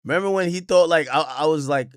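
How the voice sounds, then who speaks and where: A man hosting a live stream, reacting to news with animated, profane commentary. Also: a little high, fast, smooth, no echo, clean studio sound. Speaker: streamer host.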